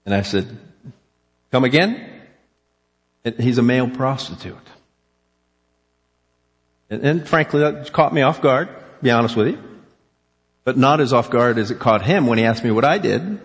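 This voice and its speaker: A man's voice: mid-range voice, expressive, moderate pace, long pauses. A middle-aged male pastor telling a personal story in an earnest sermon, then closing in prayer. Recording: long hall reverb.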